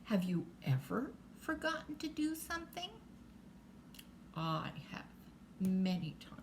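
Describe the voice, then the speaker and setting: An older woman reads a children's bedtime story slowly, and her voice rises and falls in lively waves. She keeps stopping to ask the child questions, with a faint hum of the room behind. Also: medium pitch. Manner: chatty asides to the child listening. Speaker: grandmother reading aloud.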